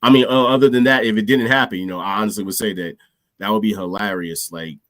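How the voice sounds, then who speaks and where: Male podcast host, a bit sick and wheezy, lower voice, slangy and laid-back. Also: fast, fairly bright tone, dry recording, studio quality. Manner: laid-back, slangy, lots of "you know what I'm saying". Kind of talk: casual podcast chat.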